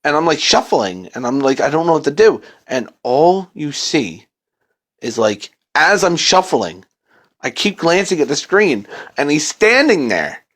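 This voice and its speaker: Slow-talking male horror storyteller. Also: a little high, very animated, a bit bright. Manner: casual and profane, drawn-out and dramatic. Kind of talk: first-person creepypasta narration.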